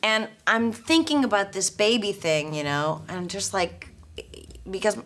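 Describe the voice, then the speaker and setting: A woman's voice: mid-range voice, a little slow, a bit bright. A woman in her forties, chatting as an interview guest, rambling and self-deprecating. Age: 40s. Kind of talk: casual chat.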